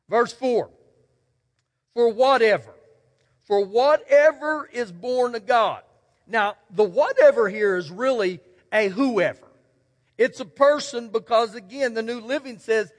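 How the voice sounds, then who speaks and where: Here a pastor with a very high voice delivers a sermon at a moderate pace, folksy and emphatic. He tells stories and hammers key words through repetition, his voice carrying a long reverb through the church sanctuary.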